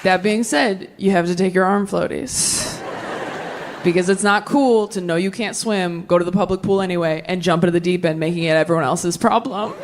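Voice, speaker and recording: A young woman doing stand-up comedy, telling stories in a deadpan way and acting out bits of dialogue on a live stage. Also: on the low side, moderate pace, a crowd in the background, background noise. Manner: deadpan storytelling with acted-out dialogue. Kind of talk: stand-up set. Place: comedy stage before a laughing audience.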